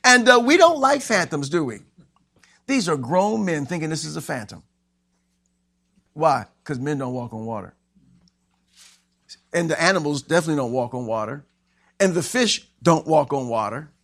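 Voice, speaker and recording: A man preaching a sermon as pastor, animated and acting out the scenes he tells. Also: a little high, moderate pace, gravelly, pauses often, no echo, clean studio sound. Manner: animated, acts out scenes with shouting voices.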